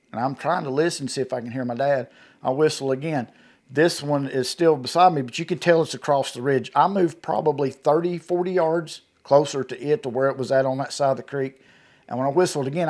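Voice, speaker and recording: A man, a guest telling his personal encounter story in a vivid, halting way with many restarts and acted-out quotes. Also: a little high, a little mellow. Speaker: eyewitness guest.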